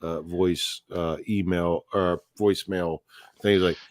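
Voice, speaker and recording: Low-voiced swearing live-stream host. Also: male voice, fairly even intonation, a little slow. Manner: profane, rambling, jokey. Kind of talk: casual live-stream chat.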